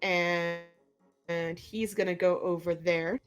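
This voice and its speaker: Woman game master, casual halting narration, tabletop game. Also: on the low side, fairly even intonation, soft background music.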